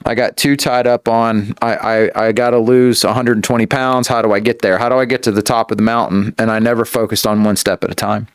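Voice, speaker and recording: Earnest man with a smooth voice. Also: lowish voice, fairly even intonation, dry recording, studio quality. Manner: earnest, talks in halting repeated starts. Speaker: podcast guest. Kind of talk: casual podcast conversation.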